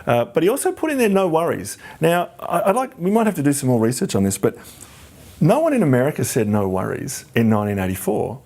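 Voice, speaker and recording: An Australian man hosts a casual podcast chat, explaining with enthusiasm. His voice has a gravelly edge, and his pitch rises and falls in a lively way. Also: quick pace. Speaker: podcast host.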